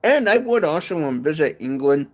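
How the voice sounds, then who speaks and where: A man's voice: on the high side, very animated, normal speed. A man with a Michigan accent chatting casually on a livestream from his porch, rambling and often tacking on "and stuff". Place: home porch, outdoors.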